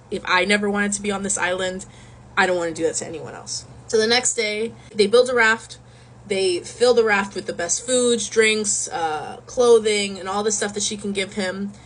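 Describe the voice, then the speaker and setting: A woman casually retelling a Greek myth in a slangy, animated storytelling manner. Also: medium pitch, slight background noise, low-quality recording.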